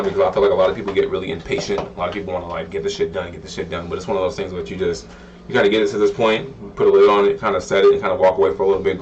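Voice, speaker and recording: A man's voice: low-pitched, muffled recording, slight background noise. A young man from the US South, a cook chatting casually and swearing freely as he explains his cooking. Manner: rapid, profane, laid-back. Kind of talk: casual chat while cooking. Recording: distant mic with faint room ambience.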